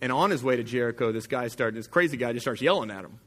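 A man's voice: medium pitch, lively intonation, quick pace, a bit bright. A man pastor preaching a sermon to his congregation in an emphatic, casual and plain-spoken way.

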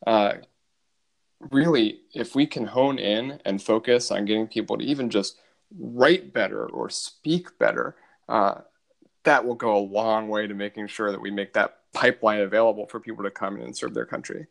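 Male guest: lowish voice, measured and explanatory, calm. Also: creaky. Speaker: army officer, interview guest. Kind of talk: casual interview answers.

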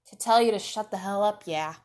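A woman voicing a gruff, blunt young dragon king who scowls and swears. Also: medium pitch, a little fast, a little mellow, lightly acted.

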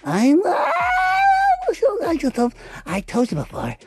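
A man's voice: extremely high pitch, wildly swooping pitch, very slow, voice pushed up, full character voice. A man voicing a goofy, odd-sounding man with a speech impediment who insists he is smart, set off from the mic.

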